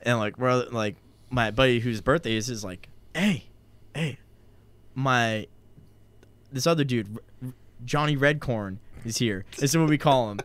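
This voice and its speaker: A man's voice: medium pitch, normal speed. A young man in his twenties tells a story to his friends in a loose, meandering way. He fills the gaps with "like" and swears casually. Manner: rambling, profane, heavy on filler "like".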